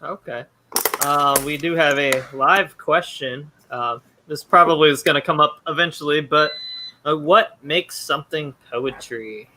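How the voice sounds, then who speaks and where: Male host, very bright and sharp tone, somewhat high voice, hesitant. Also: measured pace, a little hiss or hum. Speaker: show host. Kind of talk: casual interview chat.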